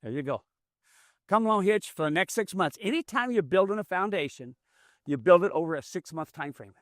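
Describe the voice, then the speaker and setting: Outdoors, a man leads a hands-on mule training demonstration, explaining things in a folksy, plainspoken way with drawling rural grammar as he works. His voice sits high and fairly bright with lively intonation and a slightly fast pace, recorded cleanly in studio quality with no echo.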